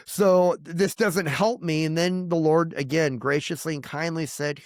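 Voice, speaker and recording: Pastor in his fifties, earnest rambling testimony, voice sitting a bit high, close and dry. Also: steady tone, measured pace, no room sound. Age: 50s. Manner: earnest, rambling with restarts and quoted prayers. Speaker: pastor and guest. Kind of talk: candid personal testimony.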